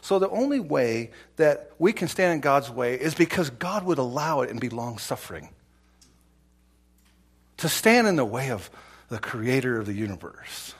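A man preaching a sermon, telling a story in a folksy, animated way and acting out the voices of its people. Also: mid-range voice, normal speed, slightly rough. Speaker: pastor.

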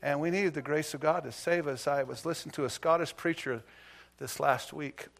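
Male pastor, sermon delivery, slightly high and bright tone, dynamic hushed-to-loud emphasis. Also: moderate pace, vocal fry. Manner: tells anecdotes with self-deprecating asides.

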